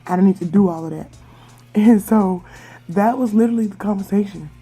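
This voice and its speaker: A woman's voice: mid-range voice, fairly quick, mellow, breathy edge, faint music behind. A young adult woman hosting a podcast, telling personal stories in a candid, chatty way with many fillers. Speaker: podcast host. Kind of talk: personal storytelling monologue.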